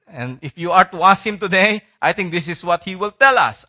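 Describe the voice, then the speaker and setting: Male preacher, high bright voice, emphatic and repetitive, dull lo-fi recording. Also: expressive, fairly quick, hardly any pauses. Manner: emphatic, repeating key phrases, dropping low at line ends. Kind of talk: sermon.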